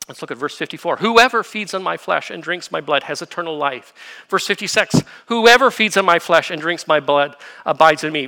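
Bright-voiced preaching man. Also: a little high. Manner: expository preaching, builds to impassioned emphasis then drops to quiet; uses homely illustrations and rhetorical questions. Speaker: pastor. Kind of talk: sermon.

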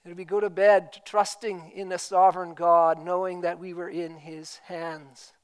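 A man's voice: high-pitched, little pitch movement, unhurried, clear, resonant tone, rough recording. A man preaching a sermon as pastor, emphatic and full of rhetorical questions.

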